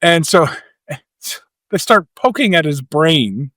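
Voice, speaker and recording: Animated man recapping a movie. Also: a little high, takes it slowly, no echo. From Canada. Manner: animated storytelling, acts out quotes and sound effects. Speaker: podcast co-host. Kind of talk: casual movie podcast chat.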